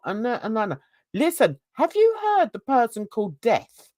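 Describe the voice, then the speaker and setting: A woman's voice: a little high, wildly swooping pitch, moderate pace, dark tone, no echo, clean studio sound. A woman with a mild London and Essex accent, hosting a rambling, casual chat and laughing often. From England. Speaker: channel host.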